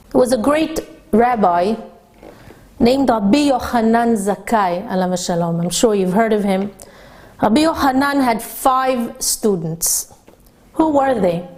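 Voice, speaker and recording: A woman religious teacher giving a Torah lesson to women, speaking deliberately with emphatic repetition. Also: fairly high pitch, darkish tone.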